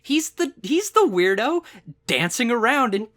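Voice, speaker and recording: Casual podcast host, rambling and excitable, laughs a lot, mid pitch. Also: unhurried. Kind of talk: casual chat.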